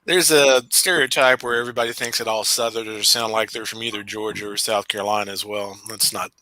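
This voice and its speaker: Regular panelist: a man, rapid talker, sharp bright tone, lively pitch. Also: dry recording, low-quality recording. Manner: quick-witted, brief interjections. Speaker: podcast regular. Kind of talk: casual chat.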